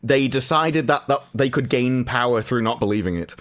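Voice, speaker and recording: A man's voice: mid-range voice, moderate pace. A man talking animatedly and opinionatedly in a casual podcast chat, often laughing.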